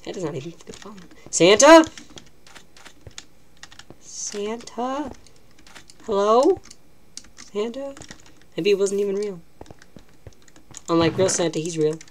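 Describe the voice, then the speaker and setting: A woman's voice: mid-range voice, measured pace, long pauses, a little mellow. A woman giving live, self-mocking commentary while playing a video game, talking to herself as she plays. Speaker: gaming channel host.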